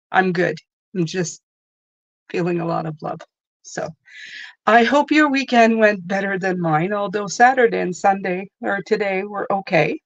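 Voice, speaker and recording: A woman's voice: mid-range voice, slow pace, pauses often, no room sound, lo-fi sound. A woman hosting a tarot live stream, talking in a chatty, rambling way with lots of asides. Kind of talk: casual live-stream chat.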